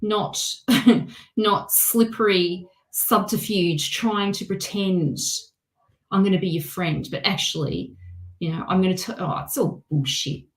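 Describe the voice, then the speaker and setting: A woman chats candidly as she gives a tarot reading, speaking at an ordinary middle pitch. She swears freely and laughs often. Her voice rings in a noticeably echoey room. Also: a little slow. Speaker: tarot reader. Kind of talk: casual livestream tarot reading.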